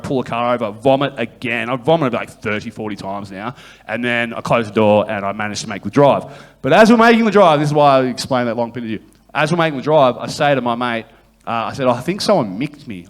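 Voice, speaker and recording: A man, a guest comedian, telling a rambling, profane anecdote on a live comedy podcast and slipping into quick voiced quotes of other people. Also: medium pitch.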